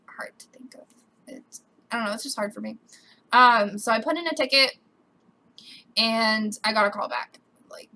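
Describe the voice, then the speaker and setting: A young woman rants on her vlog, emotional and on the edge of crying. Her voice sits high and sounds bright, and she swears casually as she vents. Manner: emotional, swearing, voice breaking with quoted outbursts. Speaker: gaming YouTuber. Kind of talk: upset personal vlog rant.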